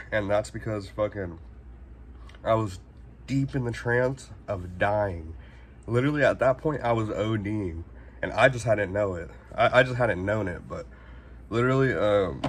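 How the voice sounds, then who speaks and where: A vlogger in his 20s from Northern California tells a rambling, casual storytime, full of slang and swearing, with "like" in nearly every sentence. His voice is fairly low, and there's a little hiss or hum in the audio.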